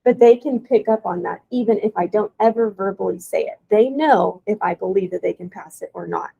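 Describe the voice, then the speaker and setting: A woman's voice: mid-range voice, fairly quick, gravelly, mellow, breathy edge, dull audio. A young woman teacher giving a casual presentation to teaching aides, with plenty of "um"s along the way. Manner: casual, with many "um"s and "y'all".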